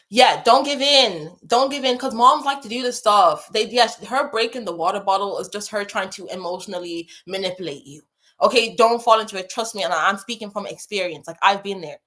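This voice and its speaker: A woman's voice: mid-range voice, a little fast, fairly bright tone. A young woman hosting a casual advice chat, talking in a chatty, emphatic way and repeating phrases for stress. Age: young adult. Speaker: advice host. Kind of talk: casual advice chat reading viewer messages.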